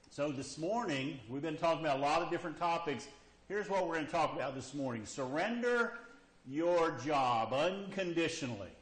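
A man pastor preaching a sermon to a congregation, who often stops to ask "okay?" to check that his listeners are following. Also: fairly high pitch. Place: church hall with a congregation, also live-streamed. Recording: echoey church hall.

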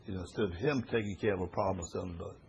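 A man's voice: sits low, rapid-fire, darkish tone, muffled recording, a little hiss or hum. A man teaching a Bible study class to a small group, reading scripture aloud and explaining it in a folksy way, often repeating phrases for emphasis.

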